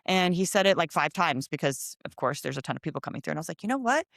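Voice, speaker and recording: A middle-aged woman hosting a podcast, telling a personal story in casual chat with expressive, animated delivery. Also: sits low, quick pace, gravelly, no room sound, clean studio sound. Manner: expressive, animated storytelling with lively quoted voices. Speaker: podcast host.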